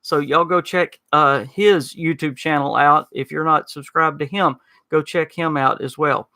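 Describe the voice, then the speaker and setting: Southern male podcast host, folksy and chatty, bright tone, dry close sound. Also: fairly high pitch, steady tone, a little slow, no room sound. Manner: chatty, folksy, frequent "uh" and "y'all". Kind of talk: casual podcast chat reading live chat.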